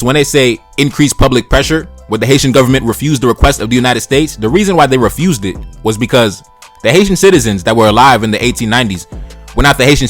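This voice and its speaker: Man, history-channel host, rapid delivery, reads then riffs bluntly with slang, faint music underneath. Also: medium pitch. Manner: blunt, profane, slangy asides between read passages. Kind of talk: casual history commentary, reading passages aloud.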